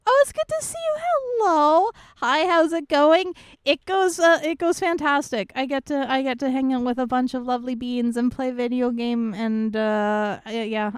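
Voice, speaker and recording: A woman's voice: fairly high pitch, smooth, no room sound, clean studio sound. Bubbly woman streamer chatting with chat. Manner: bubbly, greets viewers by name, playful. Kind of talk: casual chat with live chat.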